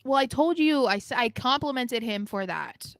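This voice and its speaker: A woman's voice: on the high side, expressive, normal speed, no room sound. A woman co-hosting a wrestling podcast, chatting casually and giving blunt opinions with frequent laughter. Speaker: co-host.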